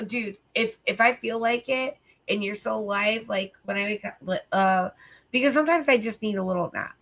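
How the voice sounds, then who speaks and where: On a livestream, a woman with a pushed, bright voice on the high side talks at normal speed. She's sleepy and tired, chatting loosely and rambling, with lots of fillers and cursing.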